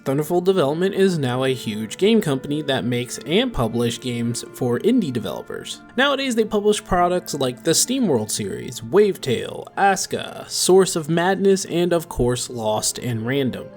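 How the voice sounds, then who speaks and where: Animated young man narrating a game video. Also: medium pitch. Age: young adult. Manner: animated, chatty, self-deprecating asides. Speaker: gaming video host. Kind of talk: scripted video essay narration. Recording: faint music underneath.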